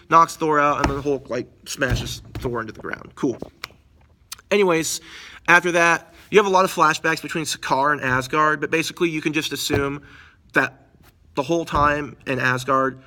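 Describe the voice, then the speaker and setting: A man casually recapping a movie in a review, rambling and excited, full of slang. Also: mid-range voice.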